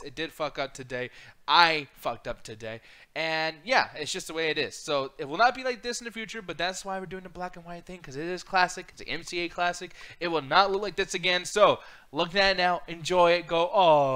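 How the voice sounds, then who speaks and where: A man hosting a casual online chat show, loud and profane, switching between joking and ranting. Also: sits high. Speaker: podcast host.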